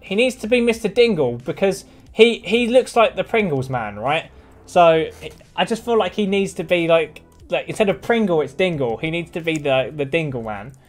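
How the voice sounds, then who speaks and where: Young man, upbeat streamer chat, swears casually, animated delivery, faint music behind. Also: fairly high pitch, normal speed. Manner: joking, swears freely, chats with viewers.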